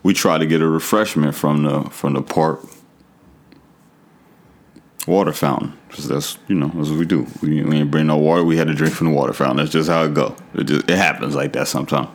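A man hosting a podcast, telling a profane comic story with animated delivery that jumps into high exclamations. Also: a little fast. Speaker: podcast host. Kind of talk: comedic storytelling monologue.

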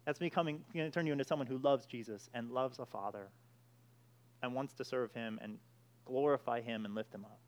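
A man's voice: mid-range voice, brisk, a little mellow. A man preaching a sermon, emphatic, with frequent restarts and repeated "all right".

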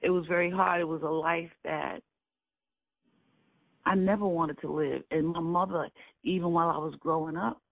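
With a fairly high, fairly even voice marked by vocal fry, an older man from Brooklyn, New York, recounts his family history at a moderate pace, pausing often. He's an earnest oral history interviewee who leans on repeated key phrases, heard over a dry, tinny, phone-like line with no room sound.

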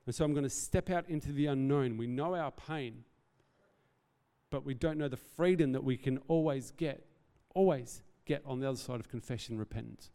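Earnest male pastor, mellow tone. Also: medium pitch, normal speed, clear, resonant tone. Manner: earnest, conversational, self-deprecating asides. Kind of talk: sermon. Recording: reverberant hall.

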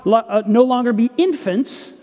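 Pastor preaching in a reverberant church. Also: male voice, extremely high pitch, moderate pace. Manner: earnest preaching, swinging between emphatic and hushed. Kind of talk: sermon. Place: church sanctuary. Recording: dull sound with long church reverb.

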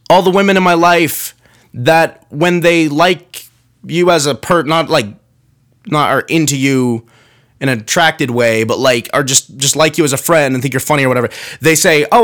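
A man's voice: a little high, moderate pace, fairly bright tone. A young man hosting a solo comedic rant, rambling with sarcasm and restarts, acting out the people he quotes. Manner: frequent restarts and fillers, building exasperation. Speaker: podcast host.

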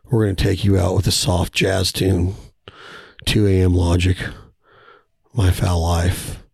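Guy doing a smooth midnight radio dj, low and slow, gravelly, dry close mic. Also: level tone, a little mellow, no echo, heavily acted. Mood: mellow. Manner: slow, low, drawn-out delivery. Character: laid-back male late-night radio DJ.

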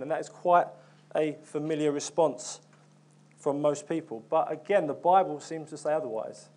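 A man's voice: on the high side, moderate pace, mellow. A young man preaching a sermon in an earnest, conversational way, with frequent ums and restarts.

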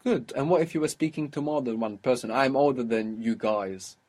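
A man's voice: medium pitch, brisk, a little mellow. A man teaching a one-on-one lesson, explaining patiently and repeating words for the learner. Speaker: Arabic teacher.

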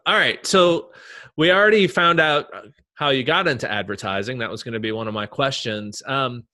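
A man's voice: mid-range voice, bright, forceful tone. A man hosting a podcast, asking questions in a chatty, informal way that rambles. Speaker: podcast host. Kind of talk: casual interview chat.

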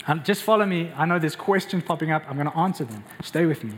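A man's voice: a little high, lively intonation, fast talker, few pauses, a little hiss or hum. A man preaching a passionate, emphatic sermon and speaking directly to his congregation in a church. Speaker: pastor.

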